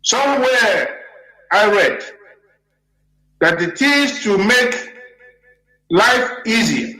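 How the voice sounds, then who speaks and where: Man, radio host, high voice, rhetorical and repetitive, echoey room. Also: animated, extremely slow, pushed and bright. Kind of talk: broadcast host commentary.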